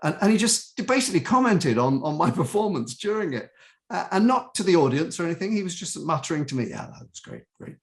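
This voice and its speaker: An older man, an actor guest in an interview, telling chatty, animated anecdotes and sometimes quoting other people's voices. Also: high voice, fast talker.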